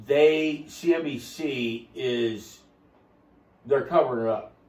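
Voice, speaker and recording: A man's voice: mid-range voice, slow, darkish tone. Boisterous rambling man, echoey and distant. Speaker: podcast guest telling his story. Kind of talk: casual chat.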